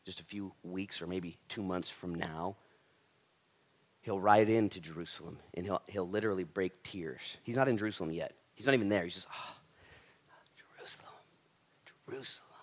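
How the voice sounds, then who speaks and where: A male pastor preaching in a relaxed, everyday way. His voice climbs high and loud on key points, then drops low and quiet. He talks to his listeners directly and keeps it informal. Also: fairly quick. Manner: casual and conversational, swings from loud emphatic to quiet intense. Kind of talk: sermon.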